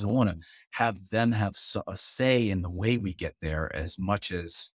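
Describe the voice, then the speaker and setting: A man, a guest author, talking about leadership in a relaxed studio conversation, thinking aloud and restarting words as he goes. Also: low voice, a little slow, hardly any pauses, dry recording. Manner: reflective, repeats and restarts words while thinking. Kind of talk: casual conversation. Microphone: studio mic.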